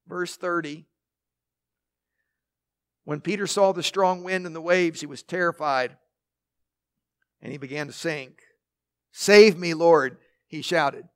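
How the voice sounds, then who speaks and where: High-voiced man preaching a sermon. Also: fairly bright tone. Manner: conversational, with asides and light humor; repeats words when starting sentences. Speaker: pastor. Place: in front of a congregation.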